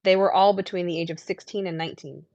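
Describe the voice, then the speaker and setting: A woman's voice: on the low side, fast talker, dry recording, dull audio. A woman in her thirties telling rambling stories in casual chat, acting out what people said. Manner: rambling storyteller, acts out quotes in lively voices.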